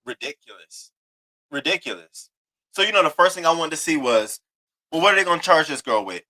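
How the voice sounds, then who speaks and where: A male host giving casual commentary, blunt and indignant and never shy of swearing. His voice sits a little high, with a bright, forceful edge. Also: animated, fast, rough recording. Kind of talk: casual commentary reacting to a video.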